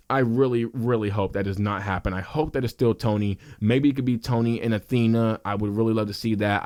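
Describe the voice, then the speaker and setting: A man's voice: fairly low pitch, a little mellow. A young man giving a heated, emphatic opinion rant on wrestling, often stumbling and restarting as he gets worked up. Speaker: wrestling commentator youtuber.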